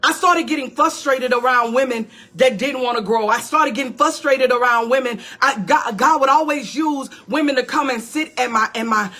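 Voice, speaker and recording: High, bright-voiced woman preaching emphatically. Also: moderate pace, few pauses. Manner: emphatic and repetitive, calling out to listeners. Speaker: pastor. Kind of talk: preaching-style motivational talk.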